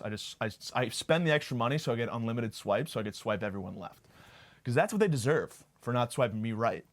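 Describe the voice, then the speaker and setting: A man's voice: mid-range voice, animated, fast talker. A young man hosting a podcast, rambling through a profane, self-deprecating comedic monologue. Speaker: podcast host.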